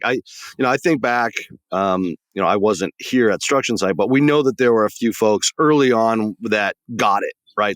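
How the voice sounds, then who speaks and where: A man's voice: medium pitch, no room sound. A man co-hosting a podcast, asking questions in a chatty, jokey way. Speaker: podcast co-host. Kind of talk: casual interview talk.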